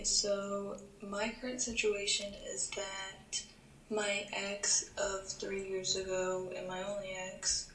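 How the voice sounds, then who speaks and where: A woman leaving a voicemail, talking in a steady, unsure and confiding way as she asks for advice. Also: medium pitch. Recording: echoey voicemail with faint noise.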